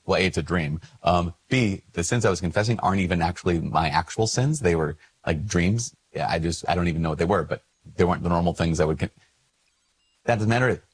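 Husky low-voiced priest, earnest and conversational. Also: male voice, lively intonation, fairly quick. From Minnesota. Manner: earnest, conversational, with restarts and storytelling. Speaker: Catholic priest and podcast host. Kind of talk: spoken prayer and reflective talk.

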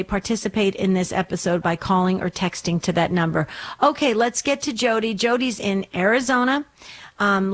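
A woman hosts a call-in radio program with an earnest, encouraging manner. She invites listeners to take part and urges her callers on. Her voice sits at an ordinary middle pitch. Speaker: radio show host.

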